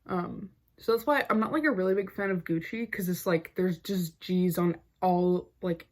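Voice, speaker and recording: A young woman with a slightly low-pitched voice tells a story on her podcast in a relaxed, chatty flow. Filler words pile up between her wry asides, and she keeps an amused storytelling tone throughout. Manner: chatty, heavy use of "like" fillers. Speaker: podcast host. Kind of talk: casual storytelling chat.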